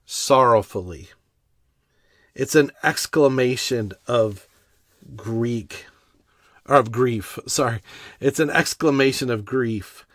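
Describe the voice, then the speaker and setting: Slow, earnest male pastor preaching. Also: mid-range voice, a bit bright, no room sound, studio quality. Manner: earnest, conversational preaching with rising emphasis. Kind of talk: sermon. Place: church sanctuary.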